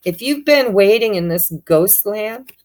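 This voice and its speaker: A woman's voice: medium pitch, lively intonation, unhurried. A woman giving a casual tarot reading, speaking straight to her viewers in an upbeat, encouraging way. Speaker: tarot reader.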